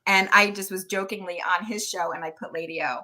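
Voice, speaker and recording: A middle-aged woman, a guest on an interview show, chatting loudly and laughing often as she tells stories. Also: mid-range voice, steady tone, fairly quick. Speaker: guest, tarot reader and medium. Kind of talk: casual interview chat.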